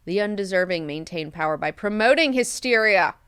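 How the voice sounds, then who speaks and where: A calm, lecturing older male servant, as a woman paraphrases him in her own voice. He sounds measured and scolding, with casual slang slipping in. The voice is smooth and clear in a dry, close recording. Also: medium pitch, no echo, natural voice.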